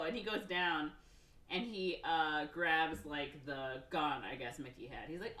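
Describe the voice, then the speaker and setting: A woman co-hosting a podcast, casually retelling a film with many fillers and quick acted-out quotes. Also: deep voice, fairly bright tone, echoey room. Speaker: podcast co-host recapping a film. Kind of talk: casual chat.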